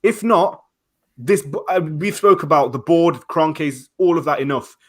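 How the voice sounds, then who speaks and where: A man with a somewhat high voice argues his point in a casual debate. He rants with heat and frustration, stacking up rhetorical questions as a fan pundit. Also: measured pace.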